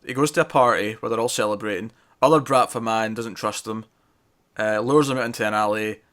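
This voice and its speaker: A man's voice: on the low side, fairly quick, fairly bright tone. A man co-hosting a casual TV review chat, rambling and correcting himself, often laughing. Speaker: podcast co-host reviewing TV.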